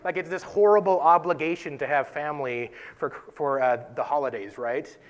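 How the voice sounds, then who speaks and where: A man's voice: moderate pace, dull audio. Earnest man teaching scripture casually. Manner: conversational, tags points with "right?"; earnest, drops to soft low emphasis.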